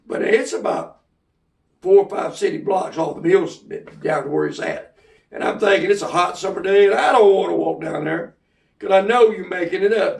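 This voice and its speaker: A man's voice: high voice, vocal fry, distant mic. A man from South Carolina telling a folksy story, rambling along with restarts and asides.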